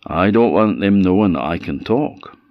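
A proud little goat who decides for himself whom he'll speak to, his Scottish voice perked up and lively, as a man does the voice. He sounds dry and close, picky and a touch superior. It's the goat of a told folk tale. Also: sits low, moderate pace, dry recording, highs cut off. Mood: haughty. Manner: stubborn, picky about whom he talks to. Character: sulky, proud talking male goat.

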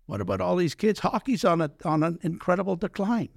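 Older guy, kinda high voice, dry close sound, tells stories and does the voices. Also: brisk, gravelly, no echo. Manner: animated anecdotes with quoted dialogue, frequent restarts. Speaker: guest, former pro hockey player. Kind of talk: storytelling in a podcast interview.

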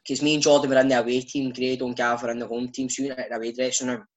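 A Scottish man chatting as a guest on a talk show, telling animated anecdotes peppered with "mate" and local slang. His voice sits at an ordinary male pitch, and his talk is loose, casual and storytelling. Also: racing, rough recording. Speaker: father.

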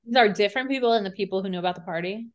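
A woman's voice: mid-range voice, very fast. A young woman co-hosting a podcast, chatting casually and dropping dry quips between short reactions. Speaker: podcast co-host. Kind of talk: casual chat.

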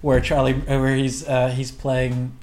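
A man co-hosting a podcast, joking and riffing in a lively way. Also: medium pitch, a little slow. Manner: jokey, lively, slips into comic voices. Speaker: podcast co-host. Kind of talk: casual chat.

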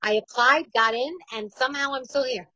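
Chatty New York woman, bright voice. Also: sits high, a little fast, a little hiss or hum, poor audio. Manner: candid, chatty, laughs easily. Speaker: radio host. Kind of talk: casual interview chat.

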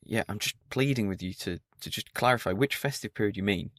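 A man hosts a solo podcast in a dry, pedantic, mock-stern manner. His voice sits low with a gravelly fry. The recording is close and dry, with no room sound. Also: a little fast, fairly bright tone, no room sound. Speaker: podcast host.

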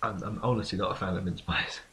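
A man's voice: deep voice, fairly even intonation, fast talker, bright, forceful tone, slightly rough. A man co-hosting a casual podcast chat, teasing his friend and often repeating words as he goes. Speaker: podcast co-host.

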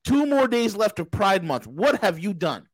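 A man hosts a casual political podcast with sarcastic, mocking banter. His voice sits a little high for a man, and the sound is dry and close with no room echo. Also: sing-song, normal speed, husky. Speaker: podcast host. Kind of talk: casual political talk show.

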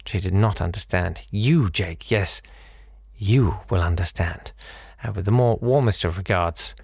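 A man hosting a casual solo podcast, wry and rambling, with big swings in pitch. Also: unhurried, vocal fry, a little mellow, husky, dry recording, studio quality. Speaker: podcast host.

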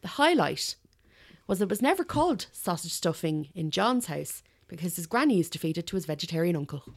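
A woman co-hosting a podcast, chatting and telling stories with quick wit. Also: fairly low pitch, very animated. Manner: chatty, quick-witted storyteller. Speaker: podcast co-host. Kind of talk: casual chat.

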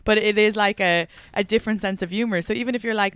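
Chatty Irish woman with a smooth voice. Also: medium pitch, fast talker, fairly bright tone, dry recording, clean studio sound. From Ireland. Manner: chatty, rambling, swears casually. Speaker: podcast host, comedian. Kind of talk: casual chat.

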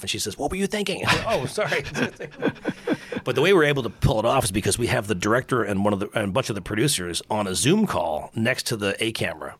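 A man, a burger expert and podcast guest, chatting casually and telling animated stories, acting out quotes and laughing often. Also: on the low side, husky. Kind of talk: casual interview chat.

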